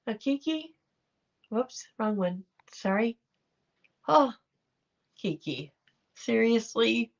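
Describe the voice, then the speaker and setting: Middle-aged woman, livestream host, unhurried and gravelly, chatty and affectionate, dull home-stream sound. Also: a little high, animated. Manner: chatty, affectionate, reacts to viewer comments. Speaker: livestream host reading chat. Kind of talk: casual livestream chat.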